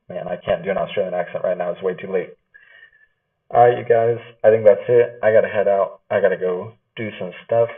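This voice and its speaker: A man with a deep, low voice talks through a fight recap in a loose, rambling way and swears casually. The sound is thin and phone-like, picked up by a built-in device mic set some way off. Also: fairly even intonation, fairly quick, recorded from a distance. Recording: lo-fi tinny audio, away from the mic.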